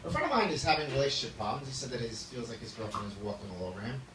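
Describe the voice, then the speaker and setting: A man's voice: mid-range voice, expressive, very fast. Man doing stand-up in an echoey club. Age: 30s. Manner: self-deprecating, laughs at his own jokes. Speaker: stand-up comedian. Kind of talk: stand-up set. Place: small club stage with audience. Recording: echoey room from a distance, loud noise.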